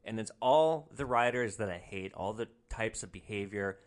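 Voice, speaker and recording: A man's voice: fairly low pitch, normal speed. A man hosting a podcast, telling his rideshare stories in a casual, sarcastic, blunt way. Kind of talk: casual storytelling.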